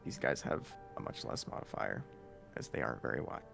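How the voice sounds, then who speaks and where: A man running a tabletop game as game master, narrating casually with halting fillers. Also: extremely low pitch, lively intonation, gravelly, a bit bright, soft background music.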